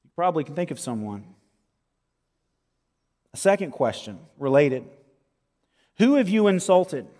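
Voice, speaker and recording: A man's voice: a little high, big pitch swings, dark tone. Man preaching in a reverberant hall. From American South. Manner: earnest, rising to emphatic peaks, slows for stress. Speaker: pastor. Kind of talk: sermon.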